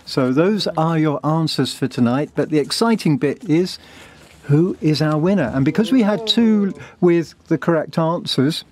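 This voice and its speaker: A man presenting a music quiz on a live show, announcing the answers and winner in a relaxed, friendly way. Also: a little high, moderate pace. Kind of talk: casual quiz round-up.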